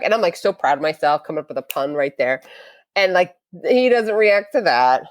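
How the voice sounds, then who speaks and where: A woman, a podcast guest, telling a story in a casual interview, lively and acting out what people said. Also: on the low side, moderate pace, dry recording.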